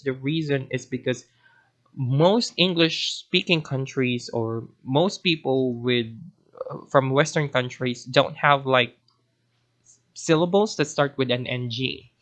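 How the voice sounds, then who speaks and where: A man talks through a language lesson at a middle pitch. He explains points at length, corrects himself mid-sentence and wanders off on side points before coming back. His is Cebuano. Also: a bit bright. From Philippines. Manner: rambling and self-correcting, often digresses. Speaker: language teacher.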